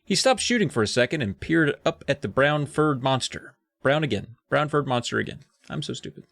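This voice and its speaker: A man co-hosting a podcast who chats casually and reads a children's book aloud in an expressive way. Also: medium pitch, brisk, vocal fry, dry recording. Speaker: podcast co-host. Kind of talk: casual chat and reading aloud.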